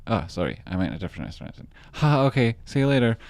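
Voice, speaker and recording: A man's voice: mid-range voice, big pitch swings, racing, a little mellow. A man hosting a trading livestream, chatting casually and rambling as he jokes and reacts to viewer messages.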